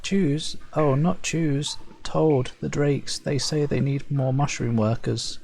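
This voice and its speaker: A man voicing a meek, tired male servile farmer who speaks in halting, eager-to-please phrases. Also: mid-range voice, fairly even intonation, vocal fry, a little mellow, a little hiss or hum, voice pushed up, rough recording. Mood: earnest. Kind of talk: let's play voice acting.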